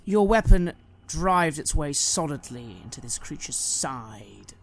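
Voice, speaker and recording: A man's voice: a little high, animated, slow. A man narrating a tabletop horror game as game master, telling the story dramatically.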